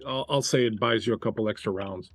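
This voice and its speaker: A man's voice: fairly low pitch, fast, gravelly. A man whose first language is French, running a tabletop game in a loose, chatty way with many fillers. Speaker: game master.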